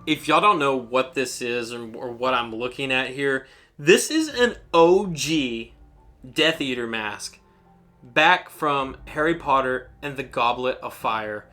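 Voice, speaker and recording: A man hosts an unboxing video with a bright, forward tone, rambling happily from one thought to the next. He gushes over everything in an excited, informal way, and faint music plays softly underneath. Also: mid-range voice, slow. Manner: enthusiastic, rambling, gushing. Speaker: unboxing channel host.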